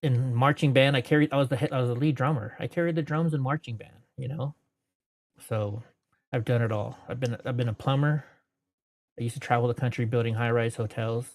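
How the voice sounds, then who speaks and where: A man in his late forties spins loose, rambling stories in an easy, mid-pitched voice. He corrects himself mid-sentence and keeps moving. The recording is dry and close, with no room sound. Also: fairly even intonation, a little fast, no echo. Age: 40s. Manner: rambling, self-correcting, laughs between anecdotes; puts on voices when quoting people. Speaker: interview guest. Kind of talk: storytelling in casual interview.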